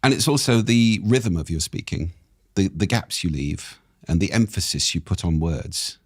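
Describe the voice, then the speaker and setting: Man, very deep voice, dry close sound, expressive podcast guest, lively swings in pitch. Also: moderate pace, breathy edge, no room sound. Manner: expressive, animated delivery with wide pitch swings. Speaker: speaking expert guest. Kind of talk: interview conversation.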